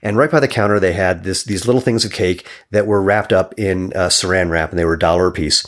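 Fast-talking low-voiced male podcast host. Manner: chatty storyteller, laughs often, jokey. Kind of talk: casual interview conversation.

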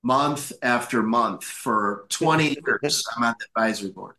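A man in his fifties, a guest chiropractor, telling animated anecdotes, laughing often and acting out the voices in his stories. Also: medium pitch, measured pace, roomy sound. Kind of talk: anecdotal storytelling.

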